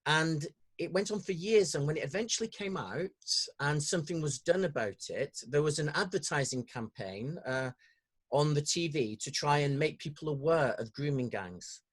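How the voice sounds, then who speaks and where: A man's voice: a little high, expressive, moderate pace, husky. Northern english guy hosting a podcast, lots of ums and false starts. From northern England. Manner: hesitant, many ums and restarts. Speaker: podcast host. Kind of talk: conversational interview.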